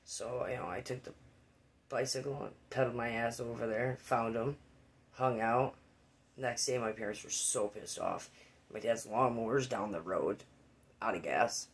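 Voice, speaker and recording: A man casually telling a rambling, profane personal story, quoting friends with animated voices. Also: medium pitch, normal speed.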